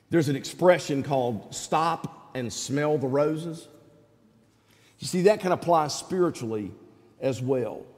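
A middle-aged man preaching a sermon as pastor, folksy and animated, sometimes rising to shouts. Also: sits high, big-room sound.

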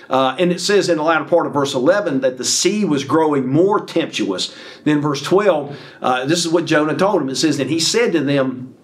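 A man with a slightly higher-than-usual voice preaches a Bible sermon in an easygoing, conversational way. He reads scripture aloud, then retells it in plain talk, often stopping to restart a phrase with an "uh." The tone is that of a pastor talking his congregation through a passage. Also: lively intonation, normal speed. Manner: conversational, many fillers and restarts, acts out paraphrased dialogue.

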